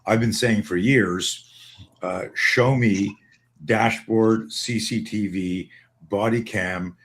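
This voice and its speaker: A man's voice: lowish voice, steady tone, slow pace. A man with a Canadian American accent, talking casually as a co-host, emphatic and full of restarts. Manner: rambling, emphatic, many restarts. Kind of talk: casual video call conversation.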